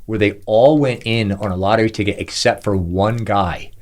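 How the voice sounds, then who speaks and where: A man's voice: lowish voice, normal speed. A middle-aged man hosting a podcast, chatting casually and acting out quoted voices as he tells stories. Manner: animated storyteller, acts out quoted voices. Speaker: podcast host. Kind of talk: casual chat.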